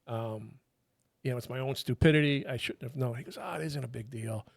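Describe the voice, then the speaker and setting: The husky, vocal-fry voice of a middle-aged retired federal agent comes through at medium pitch and a fairly quick pace in a dry, studio-quality recording. Telling animated, casual stories, he swears freely and mimics the people he quotes.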